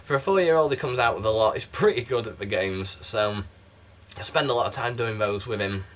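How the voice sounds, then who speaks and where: A man's voice: on the low side, a little fast, fairly bright tone. A man from South Yorkshire with a muddled northern English accent, chatting to camera in a rambling, self-deprecating way, recorded on a games console camera. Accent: mixed South Yorkshire English. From South Yorkshire, England. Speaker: YouTube candle reviewer. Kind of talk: casual chat to camera. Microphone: PlayStation camera mic.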